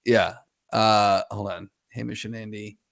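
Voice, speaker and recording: Gravelly male podcast co-host. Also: fairly low pitch, level tone, unhurried, fairly bright tone. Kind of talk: casual podcast chat.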